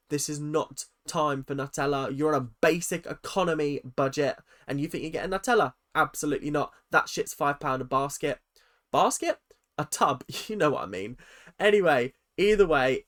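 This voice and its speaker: Sassy young British man ranting. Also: fairly high pitch. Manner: chatty, sassy, animated, talks straight to viewers. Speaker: YouTube reality-TV commentator. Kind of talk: casual ranting commentary.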